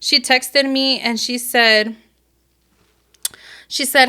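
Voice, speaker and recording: Bright-voiced woman telling a story. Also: high voice, extremely slow, pauses often, clear, resonant tone. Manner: animated storytelling with lots of swearing and quoting. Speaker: podcast co-host. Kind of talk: casual chat.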